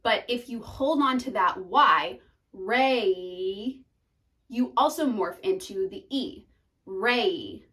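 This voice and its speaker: A woman's voice: mid-range voice, animated, slow pace, bright, forceful tone, far from the mic, poor audio. A young woman teaching singing terms in a chatty, upbeat way, breaking into short sung notes as examples.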